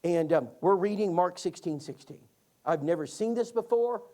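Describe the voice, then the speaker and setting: Preacher guy telling a story in class, voice swings all over the place. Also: moderate pace. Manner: animated storytelling with lively pitch swings. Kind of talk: sermon class.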